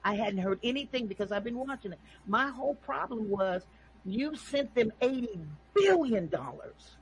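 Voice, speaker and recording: A woman's voice: fairly high pitch, animated, moderate pace, breathy edge, low-quality recording. A woman calling in, talking emphatically and preachily about her views and often asking "okay?". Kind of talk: impassioned opinion talk.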